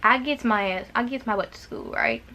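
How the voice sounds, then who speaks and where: A woman's voice: on the high side, big pitch swings, fairly quick, sharp tone, slight background noise. A young woman from Arkansas, telling a dramatic storytime to her viewers in casual chat, with repeated words and asides. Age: young adult. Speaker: vlogger.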